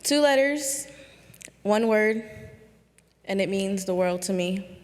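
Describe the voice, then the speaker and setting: A young woman in her early twenties from California speaks slowly and haltingly, pausing often as she holds back tears. Her voice carries the long reverb of a large hall. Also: medium pitch, animated. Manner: slow, halting, with many pauses and ums. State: emotional, close to tears. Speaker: storyteller speaking on stage. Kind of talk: emotional personal story told on stage.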